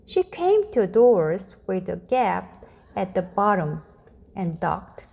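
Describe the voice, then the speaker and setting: Slow, expressive woman storyteller. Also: mid-range voice, creaky, husky. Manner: slow, deliberate, expressive reading. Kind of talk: children's story read-aloud.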